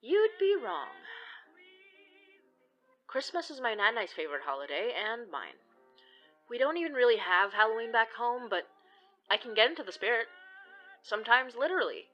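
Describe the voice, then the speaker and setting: A woman's voice: on the high side, sing-song, normal speed, long pauses, bright, forceful tone, dull audio. A woman playing a wry witch from the Philippines in an audio drama, teasing and dry, with faint music behind her.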